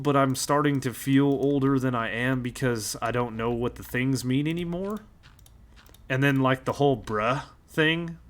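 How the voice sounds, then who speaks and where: A man's voice: medium pitch, fairly bright tone. A man in his thirties chatting casually on a live stream, rambling and joking, chuckling as he goes and greeting viewers by name.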